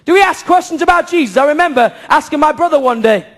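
A man with a strikingly high voice preaches a sermon to a congregation in church. He is impassioned, fires off rhetorical questions and now and then rises to a shout. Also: expressive, fast. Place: church service before a congregation.

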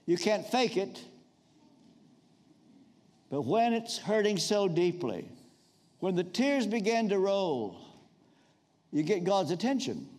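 A man's voice: big pitch swings, slow pace, pauses often, darkish tone. An older man preaching a sermon, telling stories and dropping his voice to act out the quotes. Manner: storytelling, acts out quotes in lowered voice.

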